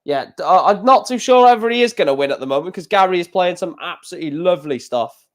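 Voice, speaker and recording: A high-pitched man calls the darts scores in a casual live reaction stream. He rambles between throws, restarting sentences, and gets excitable as he talks about his football club. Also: fast talker.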